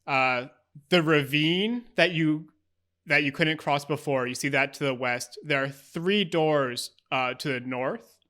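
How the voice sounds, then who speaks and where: A man's voice: fairly high pitch, unhurried, sharp tone. A man narrating as game master of a tabletop game, describing scenes with many fillers.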